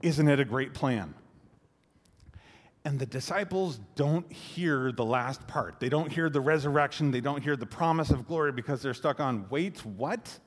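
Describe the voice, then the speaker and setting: A man preaching a sermon in an animated way, acting out quotes and swelling to loud climaxes. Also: medium pitch, normal speed. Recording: echoey hall reverb.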